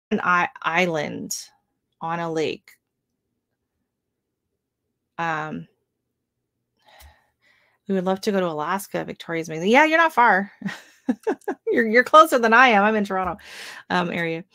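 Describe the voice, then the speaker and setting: Hosting a casual gardening livestream, a woman who grew up in Oregon on the US West Coast chats and reacts to viewer comments, with lots of ums, restarts, and frequent exclamations. Her voice is on the low side, animated, fairly bright, and slow with long pauses. The sound is dry and studio quality.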